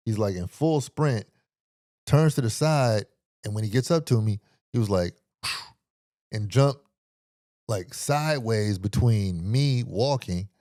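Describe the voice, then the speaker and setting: A man, hosting a podcast and telling a story in animated, profane style with vocal sound effects. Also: lowish voice, dry recording, clean studio sound. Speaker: podcast host. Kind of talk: storytelling commentary.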